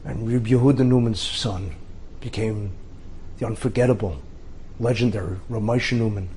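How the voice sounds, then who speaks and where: A middle-aged man, a rabbi, telling an inspirational story in short, dramatic phrases with pauses. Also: on the low side, mellow, a little hiss or hum.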